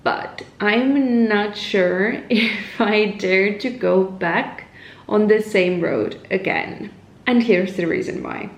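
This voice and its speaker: A woman from Estonia vlogging at home, her voice at a middle pitch. She talks in a loose, rambling way, full of "like" and false starts, and often drops to a soft, hushed tone. The room around her gives a roomy echo. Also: takes it slowly, muffled recording. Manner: rambling, filler-heavy, with frequent "like" and restarts. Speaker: lifestyle vlogger. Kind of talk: casual chat to camera. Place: at home indoors, with her cat nearby.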